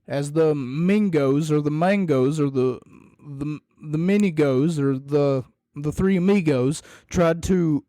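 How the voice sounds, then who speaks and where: A man with a raised pitch and a hoarse, frog-in-the-throat voice hosts a casual podcast. He talks in an unhurried, drawn-out way, rambling and making self-deprecating jokes. The recording is dry and close. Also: mellow, no room sound. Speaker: podcast host.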